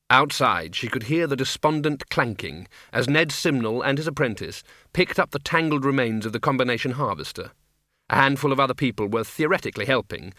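A man reading a comic fantasy novel aloud in a wry, expressive narration. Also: mid-range voice, dry recording, clean studio sound. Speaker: audiobook narrator. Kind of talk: scripted storybook narration.

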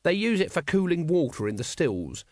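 Man putting on a drawling sarcastic guard, flat and unbothered, dry sound. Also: a little high, normal speed, no echo, voice pushed up. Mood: deadpan. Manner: mild, unimpressed, drawling. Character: dry, sardonic male guard.

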